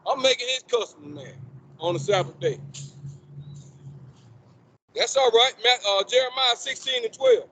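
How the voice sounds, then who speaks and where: A man's voice: very high-pitched, animated, normal speed, long pauses, fairly bright tone, slight background noise, low-quality recording. A man preaching on the street in front of a store, emphatic and quoting scripture with rhetorical questions, recorded on a phone outdoors. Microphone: phone recording a video.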